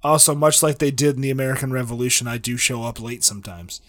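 A man's voice: medium pitch, fast talker, no room sound, clean studio sound. A man chatting casually, joking and rambling with lots of fillers and restarts as he talks about his work with glass. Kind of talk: casual chat.

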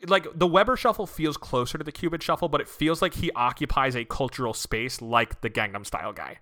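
A man's voice: mid-range voice, brisk, sharp tone. A man co-hosting a film-review podcast who critiques the movie analytically and says "like" a lot. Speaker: podcast co-host. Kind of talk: casual film-review chat.

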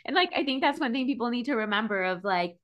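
A woman podcast host talking in a chatty, expressive way in a casual interview. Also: a little high, quick pace, lo-fi sound.

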